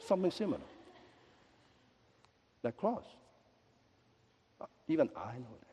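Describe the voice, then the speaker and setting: A male pastor delivering a lively sermon with joking asides and quick apologies, in a church sanctuary. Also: mid-range voice, husky. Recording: long echo of a large hall.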